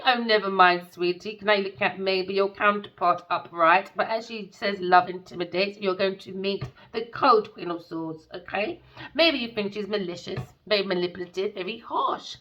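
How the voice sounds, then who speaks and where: Woman, tarot reader, scornful, sarcastic, swearing, mid-pitched voice. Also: normal speed, muffled recording. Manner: scornful, sarcastic, swearing, calls people darling. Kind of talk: angry tarot reading rant.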